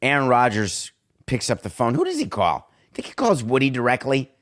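Sarcastic, exasperated sports talk host. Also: male voice, medium pitch, wildly swooping pitch, brisk, a bit bright.

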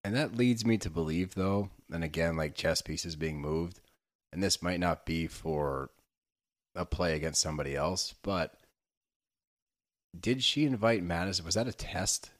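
Low-voiced man, blunt and sweary. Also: a little slow. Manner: blunt, swears a lot, jumps up in pitch when reacting. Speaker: podcast co-host. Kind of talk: casual chat recapping reality TV.

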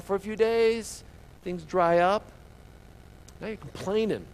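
A man preaching a sermon as an animated storyteller, swinging sharply from loud outbursts to hushed asides. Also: sits high, moderate pace, vocal fry, poor audio. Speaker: pastor.

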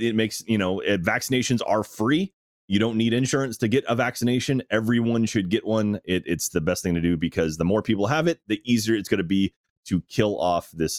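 A man with a fairly low voice hosts a casual podcast chat. He speaks in an earnest, easygoing way. The sound is dry and close. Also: lively intonation, a little fast, no echo. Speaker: podcast host.

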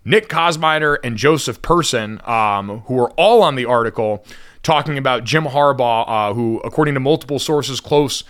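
Measured man hosting a sports podcast. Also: medium pitch, fairly bright tone, smooth. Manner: measured, deliberate setup with fillers. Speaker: podcast host and game commentator. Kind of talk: casual podcast chat.

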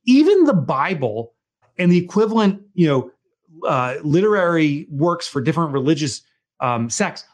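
A middle-aged man talks with a slightly raised pitch. His delivery swings widely and lively as he tells stories and mimics people with a joking touch. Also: moderate pace. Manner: animated storyteller, jokey, mimics people. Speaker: author and guest. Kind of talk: casual podcast conversation.

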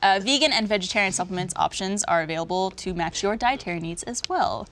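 A young woman hosting a podcast in easy, chatty conversation with friends. She sounds upbeat and quick to giggle, and moves between banter and sponsor reads at a middling pitch. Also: fairly bright tone. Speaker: podcast host. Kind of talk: casual chat with ad reads.

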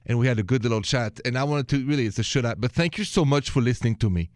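A man hosts a late-night radio advice show in a studio. His voice is mid-pitched, close and dry. He talks to callers in an encouraging, chatty way. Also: expressive, fast, few pauses, no echo. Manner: warm, encouraging, speaks with a thick accent. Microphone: studio microphone.

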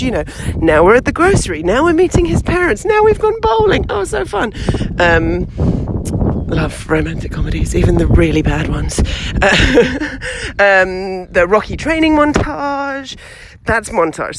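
A woman hosting a podcast, teaching storytelling in a lively, chatty way while she walks outdoors with her baby. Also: mid-range voice, background noise. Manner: lively and chatty, with many fillers. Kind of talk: casual instructional talk. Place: outdoors, walking with a baby past traffic.

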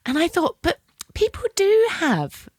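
A woman hosting a podcast, telling a personal story in a lively way, acting out dialogue with casual swearing and frequent laughs. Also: very high-pitched, unhurried, no echo, clean studio sound. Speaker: podcast host.

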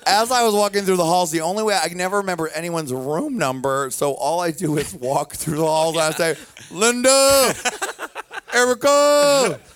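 Playful man host, slightly high voice. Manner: playful, quick quips, yells names. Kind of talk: casual chat.

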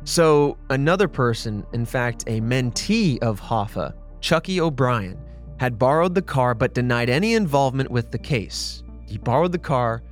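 A man's voice: medium pitch, expressive, moderate pace, soft background music. A man hosting a podcast, telling a true-crime case in a casual, chatty way and acting out quotes. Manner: conversational storyteller, acts out quotes. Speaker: podcast host.

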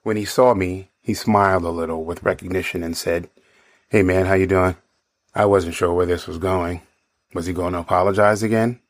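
A man narrating a personal anecdote from his bar job in a measured, dry way. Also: low voice, fairly even intonation, no echo. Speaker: storyteller.

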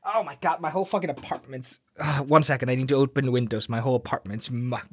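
A man's voice: medium pitch, fast, few pauses, husky. A man with an Icelandic accent bantering between takes of a recording session, playful, swearing freely and out of breath. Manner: playful, swearing freely, joking mock threats. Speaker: voice actor.

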